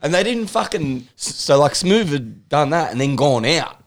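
A man in loose banter with friends, his fairly high voice bouncing around as he cracks crude jokes. He swears freely and tells stories with relish. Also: normal speed, slight background noise. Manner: crude, jokey, lively swearing. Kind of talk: casual banter among mates.

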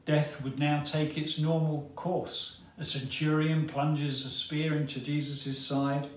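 Slow, dramatic male preacher in echoey hall. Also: a little high, flat delivery, a little hiss or hum. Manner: dramatic storytelling with long pauses. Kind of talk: sermon. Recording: roomy hall, mic at a distance, faint ambience.

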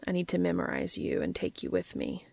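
Woman voicing a tender adult man, romance audiobook, hushed, earnest, gravelly, low. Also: wildly swooping pitch, brisk, no echo, exaggerated voice.

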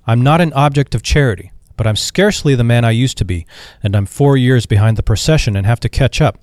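A man with a medium-pitched, slightly mellow voice close to everyday speech reads aloud a little fast, voicing a cheerful, earnest young army veteran who is eagerly looking for work. The recording is dry and clean, with studio sound.

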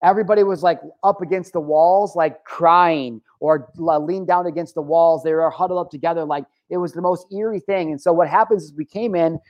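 A man's voice: on the high side, a little fast, few pauses, dull audio. Swearing, emphatic man telling a story. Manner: emphatic, swears often, many restarts. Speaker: vlogger recounting a personal story. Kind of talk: casual storytelling to camera.

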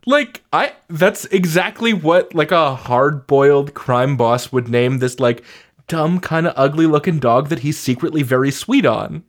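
A man hosting an interview podcast, asking questions and heaping warm, excited praise on his guest's work. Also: a little high, measured pace. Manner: enthusiastic, effusive praise. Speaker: podcast host. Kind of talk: casual interview.

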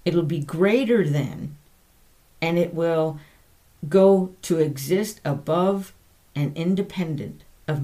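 Slow, low-voiced woman teaching the Bible. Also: darkish tone. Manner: earnest and conversational, corrects herself aloud. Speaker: podcast host teaching the Bible.

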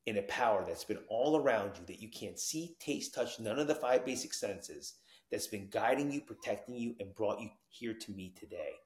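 A man voicing a gentle male Catholic priest in a soft, questioning tone while telling a story. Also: fairly low pitch, lively intonation, normal speed, reverberant, lightly acted.

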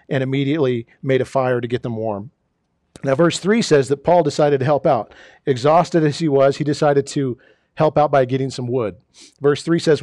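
A male pastor gives a relaxed, chatty sermon at a middle pitch, joking about himself and sometimes yelping in mock frustration. The sound is dry and close, with little room echo. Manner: conversational, self-deprecating humor with mock exasperated outbursts. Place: church sanctuary.

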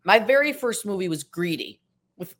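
A woman's voice: medium pitch, moderate pace. Chatty woman in her sixties. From Syracuse, New York. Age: 60s. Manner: chatty, animated storyteller. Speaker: guest actress. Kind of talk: casual podcast chat.

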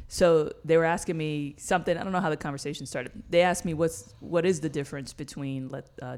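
A woman's voice: low-pitched, darkish tone. A woman, co-hosting a podcast and telling stories in a blunt, casual way, swearing freely. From New York City. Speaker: podcast co-host. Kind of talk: casual chat.

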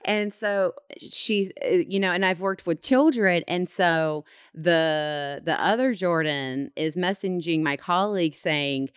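A young woman, co-hosting a podcast and telling a story in an animated, laughing way. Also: fairly low pitch, slow pace, few pauses, clear, resonant tone, no room sound, studio quality. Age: 20s. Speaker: podcast co-host. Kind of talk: casual chat.

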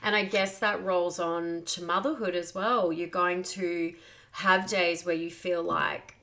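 Gravelly-voiced woman podcast host. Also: on the low side, steady tone, unhurried. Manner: gentle, encouraging, affirming. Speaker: podcast host interviewing mothers. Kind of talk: warm interview questions.

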